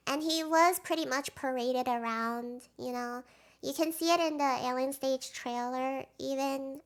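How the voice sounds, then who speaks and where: A young woman doing casual video commentary as a fan, rambling and emotional, swinging between hushed talk and excited outbursts. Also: high-pitched. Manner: rambling, with fillers and restarts.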